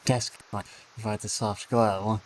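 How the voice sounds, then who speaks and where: A man's voice: on the low side, little pitch movement, measured pace, slight background noise, poor audio. A man streaming a game, thinking aloud with dry asides and reading the game text.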